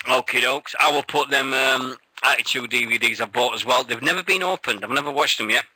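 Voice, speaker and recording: A man's voice: medium pitch, a little fast, pushed and bright, slightly rough, no echo, rough recording. A man with an English accent hosting a casual wrestling radio show, blunt and full of swearing. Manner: blunt and sweary, laughs often. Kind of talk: casual chat.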